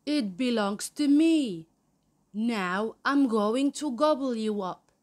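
A wicked, hungry troll from a picture-book tale bellows and growls his threats, as a woman reading aloud puts him on. The voice sits fairly high for a monster but comes out loud and slow, every word pushed hard. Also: expressive. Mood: growling. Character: wicked greedy bad-tempered male troll.

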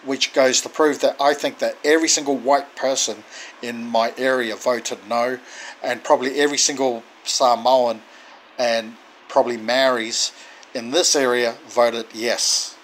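A man's voice: medium pitch, steady tone, unhurried, a bit bright, a little hiss or hum, rough recording. Indignant man ranting. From Australia. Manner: indignant, emphatic, repeats words. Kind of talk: casual monologue to camera.

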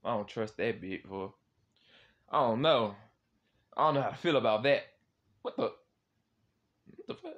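A young man casually chatting with strangers on a video chat app, swearing and loudly reacting. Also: medium pitch, animated, normal speed, long pauses, muffled recording. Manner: slangy, swears often, loud exclaiming reactions and laughs.

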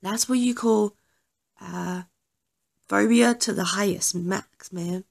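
A young woman who makes gaming YouTube videos chats casually over gameplay, often apologizing and joking about herself in a self-deprecating, chatty way. Her voice is mid-range, gravelly, and slow-paced.

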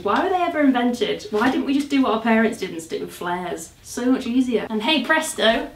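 A woman's voice: fairly high pitch, expressive, a little fast, few pauses, roomy sound, slight background noise. Chatty young woman, self-mocking. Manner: chatty, self-mocking, exclaims and groans while struggling into clothes. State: out of breath. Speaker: vlogger. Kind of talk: casual try-on vlog.

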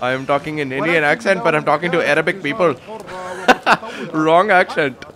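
With crowd noise in the background, a man with a fairly high voice at normal speed provides let's play commentary, joking, laughing and teasing as he plays in trolling banter.

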